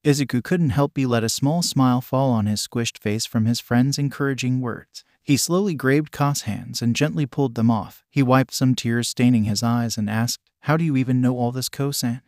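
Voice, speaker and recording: A man narrating a fan fiction story in a steady, plain reading. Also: mid-range voice, moderate pace, hardly any pauses, no echo, clean studio sound.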